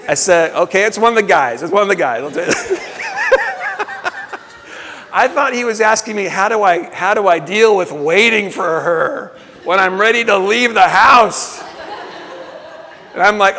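A middle-aged man preaching, telling a story in a lively, animated way and acting out the voices he quotes. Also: sits high, measured pace, long pauses, long reverb tail. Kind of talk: storytelling sermon.

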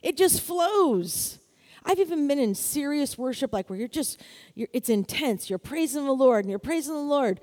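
A middle-aged woman preaching a sermon in a lively, exclaiming way, often asking for amens. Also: high voice, normal speed. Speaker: pastor.

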